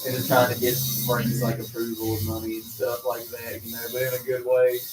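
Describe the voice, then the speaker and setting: A man's voice: mid-range voice, completely flat delivery, fairly quick, loud music behind the voice. A man casually retelling TV episodes in a rambling way, full of "like" fillers, in a tattoo studio. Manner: rambling storyteller, lots of "like" fillers, frequent laughter. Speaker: tattoo artist. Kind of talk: casual chat. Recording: echoey room, mic at a distance, faint noise.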